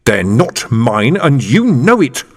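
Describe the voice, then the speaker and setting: A contemptuous, snarling secret policeman, put on by a male reader, pitched well up and pushed louder. A long room echo hangs on every line. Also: big pitch swings, moderate pace. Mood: furious. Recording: reverberant room.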